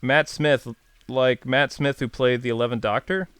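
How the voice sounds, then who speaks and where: Smooth-voiced chatty man. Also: medium pitch, steady tone, moderate pace, a bit bright, no echo. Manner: chatty and enthusiastic, with frequent fillers and self-corrections. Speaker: YouTube host. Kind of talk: casual commentary answering viewer chat questions.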